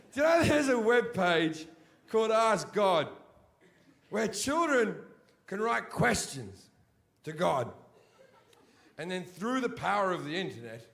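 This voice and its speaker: A man's voice: high-pitched, big pitch swings, slow pace, creaky, long pauses, a bit bright. A man doing a stand-up routine on a comedy stage, blunt, profane and mocking. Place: comedy stage before a live audience.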